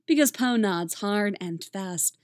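A woman reading fan fiction aloud in a gentle, intimate storytelling manner. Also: mid-range voice, lively intonation, slow, no echo, clean studio sound. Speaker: audiobook reader.

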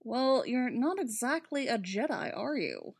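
A woman's voice: a little high, very animated, unhurried, breathy edge, voice pushed up, heavily acted. A woman voicing a grim, tense male Jedi knight. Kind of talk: fan fiction read aloud.

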